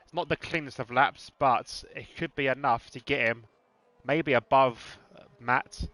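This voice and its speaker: A man calls a live sim-racing session in a bright, forceful voice. He keeps up a chatty, laughing banter with his co-host between updates. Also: mid-range voice, measured pace, no room sound. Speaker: race commentator.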